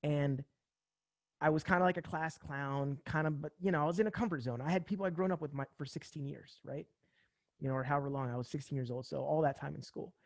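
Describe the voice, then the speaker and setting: Young male sales coach from New Jersey; pumped-up, casual pitch, slight fry, dry recording. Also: fast talker, no echo. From central New Jersey. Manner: energetic, casual slang, acts out phone calls. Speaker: sales trainer. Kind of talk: motivational sales talk.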